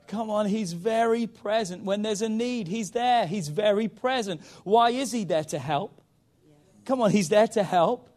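A male pastor preaching a sermon, emphatic and urging, often saying "come on" and swinging between loud pushes and quiet stretches. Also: sits high, measured pace. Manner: emphatic, repeats "come on", rises and drops in volume.

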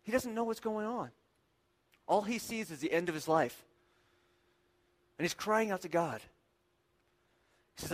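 A man preaching a sermon with a fairly high voice. He builds to loud, intense stretches, then drops into quiet, reflective passages. A long reverb trails after his words, as in a large hall. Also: animated, moderate pace, pauses often. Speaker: pastor.

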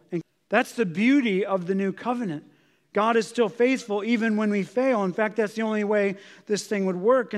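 A man with a high-pitched voice preaches an expository sermon, earnest and emphatic. He keeps turning to his listeners with rhetorical questions. His words ring out with a long reverb, as in a large hall. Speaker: pastor.

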